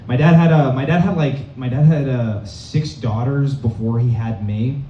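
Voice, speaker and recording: A man's voice: medium pitch, moderate pace, a little hiss or hum. Rambling young man doing stand-up. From Massachusetts. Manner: rambling, filler-heavy deadpan delivery. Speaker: stand-up comedian. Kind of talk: stand-up set. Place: comedy club stage. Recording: dull, roomy, distant club recording.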